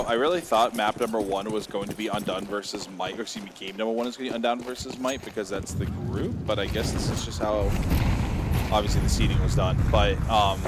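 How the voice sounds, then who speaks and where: A man's voice: on the low side, quick pace. Joking male esports caster, venue noise. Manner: jokey, rises to excited calls on big plays. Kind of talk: live play-by-play commentary. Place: live event venue with crowd.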